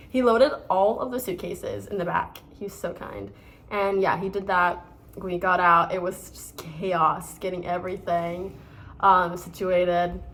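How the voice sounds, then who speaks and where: A young woman from the United States in her twenties, casually telling stories to the camera with lots of fillers and restarts. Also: medium pitch. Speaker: vlogger.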